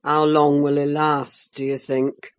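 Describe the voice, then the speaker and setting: A woman voicing a harsh, menacing middle-aged man who scolds his frail son with gruff scorn, in an audiobook reading. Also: low voice, flat delivery, unhurried, pitched below the performer's own voice. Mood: menacing, scornful. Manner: gruff, scornful, growls then bursts into shouts.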